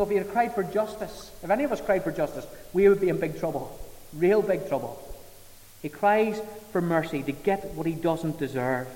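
Emphatic preacher in a reverberant hall. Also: male voice, fairly high pitch. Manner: emphatic, rising to loud dramatic peaks, then dropping soft. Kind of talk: sermon.

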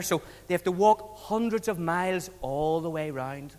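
A preacher with a notably high voice tells a story for children in a lively, colloquial way and keeps putting questions to his listeners. His voice carries a long reverb from a church hall. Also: moderate pace.

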